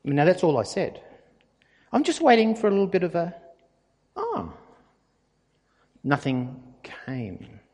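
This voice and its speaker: Male pastor, fairly high, husky voice, lively story-driven sermon, echoing hall. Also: moderate pace. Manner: conversational, anecdotal, animated.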